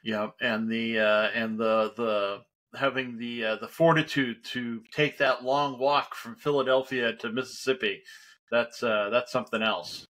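A man's voice: mid-range voice, fairly even intonation, measured pace, a bit bright. A man hosting an interview show from his home studio, chatting casually and rambling with many fillers and restarts. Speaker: podcast host.

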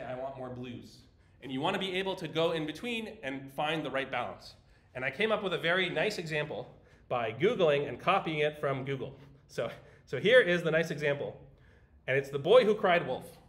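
A male university lecturer explains things in a chatty, informal way and often restarts his sentences. His voice sits a little high. The sound rings through a large, echoey lecture hall. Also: fairly bright tone. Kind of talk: casual classroom lecture.

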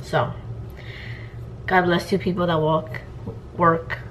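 A woman's voice: lowish voice, level tone, takes it slowly, fairly bright tone, a little hiss or hum, low-quality recording. Candid rambling young woman vlogger. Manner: candid, rambling, sighs and trailing off. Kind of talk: casual vlog talk to camera. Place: family home indoors.

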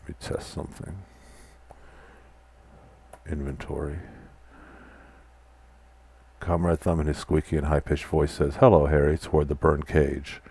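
A man's voice: a bass voice, little pitch movement, unhurried, vocal fry, pauses often, a little hiss or hum. A man playing a text adventure game, reading the game text aloud and chatting casually between commands. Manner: quiet, mutters typed commands. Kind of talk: casual let's-play commentary.

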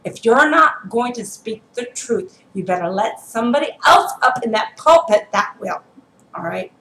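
Preaching woman, fervent and insistent, bright tone, roomy echo. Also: fairly high pitch, animated, moderate pace. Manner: fervent, preachy, repeats "I'm gonna tell you right now". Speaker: prophetess. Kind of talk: home sermon. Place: at home.

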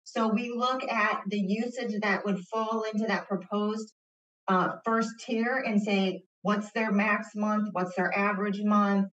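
A woman's voice: medium pitch, steady tone, measured pace, a bit bright, far from the mic. A woman consultant walks methodically through each tier and customer class, one item at a time. She sounds set back from the mic in a roomy space, and the audio is dull and lo-fi. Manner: methodical, listing step by step. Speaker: rate consultant. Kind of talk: public meeting explanation.

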